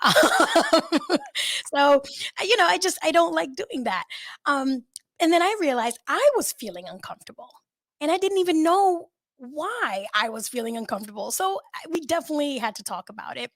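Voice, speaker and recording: A woman's voice: high-pitched, very animated, moderate pace, dry recording. A woman hosting a podcast, telling a story in casual chat with lots of swearing and laughter. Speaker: podcast host.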